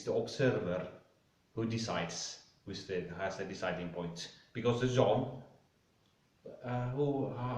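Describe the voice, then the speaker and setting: Low-voiced guy going thru a text line by line, far off in a roomy room. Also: a little mellow, slight background noise. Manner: careful, halting, rereads passages aloud. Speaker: reading group leader. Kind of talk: slow close reading and discussion. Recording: roomy, distant mic.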